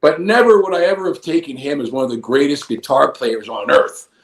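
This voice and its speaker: A man's voice: on the high side, brisk, gravelly. A man in his fifties, a former wrestler, telling a long rambling story full of profanity. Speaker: guest, former pro wrestler. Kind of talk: casual storytelling. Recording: echoey room.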